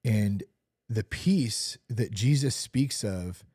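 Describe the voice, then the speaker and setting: A man's voice: lowish voice, animated, slow, dark tone, breathy edge, no echo, studio quality. A man hosting a podcast, sharing a personal recovery story in an earnest way and repeating phrases for emphasis. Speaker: podcast host.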